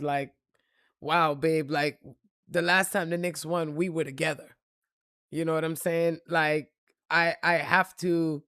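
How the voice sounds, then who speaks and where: A woman's voice: low-pitched, no echo, studio quality. Blunt, profane woman giving a pep talk. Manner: blunt, profane, emphatic, street-casual; swings from loud and punchy to soft and reflective. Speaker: spiritual reader and motivational vlogger. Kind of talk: casual motivational talk to followers.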